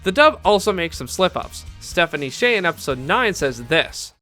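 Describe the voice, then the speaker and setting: A man's voice: high voice, sing-song, normal speed, music in the background. A man giving scripted video-essay narration as an anime commentator, enthusiastic and candid with fan asides.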